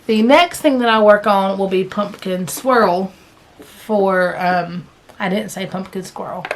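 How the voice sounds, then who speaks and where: A woman's voice: medium pitch, measured pace, slight background noise. Chatty woman in a home craft vlog. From American South. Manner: chatty, rambling with self-corrections. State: hiccups. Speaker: cross-stitch vlogger. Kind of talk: casual chat. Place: indoors, sitting in a stitching chair at home.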